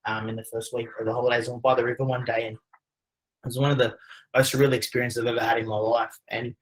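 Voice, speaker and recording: An Australian man tells a personal story to a webinar audience. He talks quickly and conversationally, filling gaps with easy fillers. His voice sits at an ordinary middle pitch. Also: flat delivery, low-quality recording. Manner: conversational, frequent "you know" fillers. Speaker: webinar presenter.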